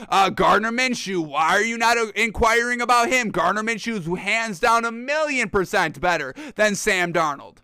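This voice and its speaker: A man's voice: sits high, bright, forceful tone, clean tone, no room sound. A man hosting a sports talk show, ranting emphatically to camera and repeating his points. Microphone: camera mic.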